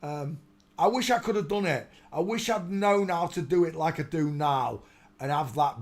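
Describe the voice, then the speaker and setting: Brief: male streamer, higher-pitched, rambling and sarcastic, laughs a lot. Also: normal speed. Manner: rambling, mocking, bursts into laughter. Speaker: live stream host. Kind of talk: casual live-stream commentary.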